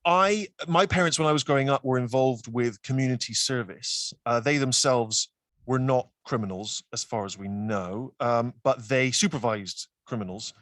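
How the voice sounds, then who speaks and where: A man's voice: mid-range voice, moderate pace, a bit bright, no room sound, studio quality. Wry man with a West Country accent. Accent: West Country English. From West Country, England. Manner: wry storytelling, self-deprecating. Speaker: guest. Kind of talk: casual chat.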